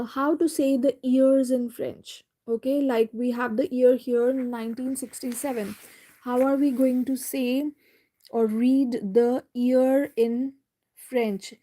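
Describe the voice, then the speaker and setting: A woman teaching French in a live online lesson, going slowly step by step, repeating words and checking in with "right?". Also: a little high, dark tone.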